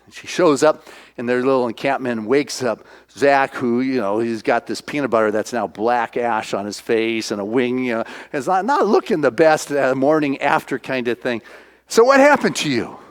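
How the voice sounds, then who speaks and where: A male minister giving a sermon, retelling a film scene by scene in an animated, storytelling way. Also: mid-range voice, normal speed, smooth.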